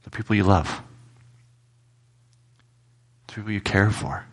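A male pastor giving a casual, conversational sermon, telling everyday anecdotes with animated retellings. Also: fairly low pitch, measured pace, breathy edge.

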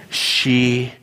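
A middle-aged man preaching in a church, telling personal stories and acting out the voices in them. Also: big-room sound. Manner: animated storyteller acting out quotes. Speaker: pastor. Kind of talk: sermon storytelling.

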